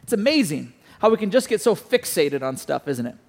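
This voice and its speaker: A man preaching a sermon, telling a story with animated delivery and putting questions to the listeners. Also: high-pitched, fairly quick, vocal fry, in a large hall. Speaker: pastor.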